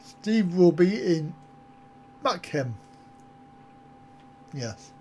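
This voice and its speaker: A man's voice: high-pitched, expressive, very slow, warm tone, slight background noise. A man hosting a travel vlog live stream, chatting with viewers in a jokey, rambling, easygoing way.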